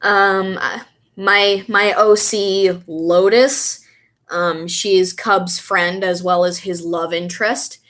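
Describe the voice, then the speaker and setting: A woman's voice: medium pitch, fairly even intonation, slow pace, a bit bright. A young woman vlogging in a casual, rambling way, stopping now and then to recall names. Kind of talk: casual chat reading and answering comments.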